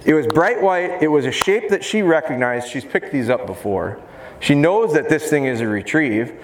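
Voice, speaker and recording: A man who trains dogs, giving a live seminar and talking fast and jokingly with the crowd in a large hall. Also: mid-range voice, very animated. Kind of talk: live seminar talk to an audience. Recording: roomy live hall sound, faint noise.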